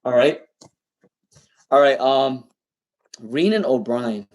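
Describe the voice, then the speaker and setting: A man's voice: mid-range voice, animated, slow pace, a little mellow. A man doing live tarot readings on a stream, rambling and repeating viewers' names with many ums. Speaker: tarot reader.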